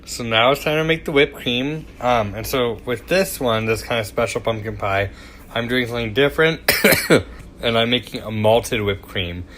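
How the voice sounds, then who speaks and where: Bright-voiced man chatting through a kitchen demo. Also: mid-range voice, moderate pace, a little hiss or hum. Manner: chatty and self-deprecating, with fillers and asides. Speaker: cooking show host. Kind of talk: casual cooking demonstration. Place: home kitchen.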